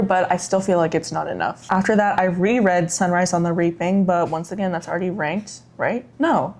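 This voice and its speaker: A woman's voice: fairly low pitch, darkish tone. A young woman vlogging about books she read, chatty and effusive, with frequent fillers and self-corrections. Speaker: book vlogger. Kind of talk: casual chat.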